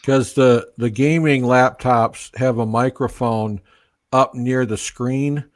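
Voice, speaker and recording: A man's voice: medium pitch, fairly even intonation, slow, dry recording. A man, a guest on a casual live stream, patiently explaining tech and spelling out names. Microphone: gaming laptop mic with headphones.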